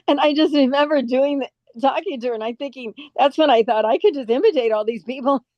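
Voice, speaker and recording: An older woman from California chats through an interview, laughing as she tells stories. Her voice sits a little high. The recording is dry and somewhat muffled. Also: fast talker, darkish tone, no room sound. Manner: chatty, laughs often while telling stories. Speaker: guest actress. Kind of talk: casual interview chat. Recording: dull, dry lo-fi sound.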